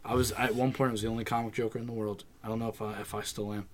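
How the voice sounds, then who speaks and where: A man's voice: lowish voice, little pitch movement, racing. Een man in casual gesprek die met veel gevloek brutaal zijn verhalen vertelt. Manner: brash storyteller, swears freely. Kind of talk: casual chat.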